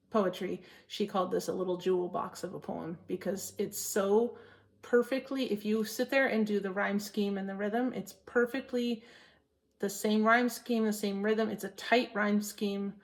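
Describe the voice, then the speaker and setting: Stitching vlogger from Maine, a woman with a rough, fry-tinged voice who chats casually and backtracks mid-sentence. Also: medium pitch. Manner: chatty and earnest, rambling with self-corrections. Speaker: cross-stitch vlogger and teacher. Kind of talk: casual chat to camera.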